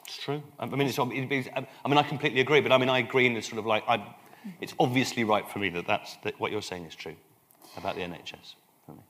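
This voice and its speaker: An English man, a priest speaking as the guest at a live public conversation, animated and full of halting restarts. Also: mid-range voice. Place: London event hall.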